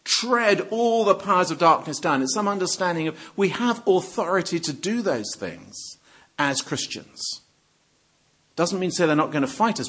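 A man's voice: fairly high pitch, a bit bright, breathy edge. A male preacher giving a sermon, joking with the congregation and often breaking off and restarting his sentences. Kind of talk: sermon with audience questions.

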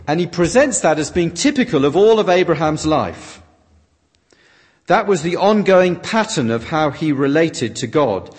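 A man's voice: on the high side, breathy edge. A man preaching a sermon that is interpreted line by line, reading his quotations out dramatically. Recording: long reverb of a large hall.

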